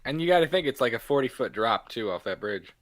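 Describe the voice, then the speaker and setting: A man's voice: mid-range voice, lively intonation, fast talker. A man co-hosting a casual movie podcast, talking animatedly and acting out lines from the film in little voices. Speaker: podcast co-host.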